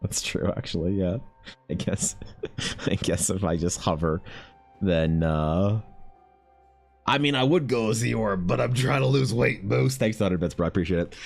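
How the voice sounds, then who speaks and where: A man's voice: on the low side, moderate pace, creaky. A man streaming while he draws, chatting casually with viewers in a rambling, profane, joking way. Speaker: art streamer. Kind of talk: casual live-stream chat. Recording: faint background music.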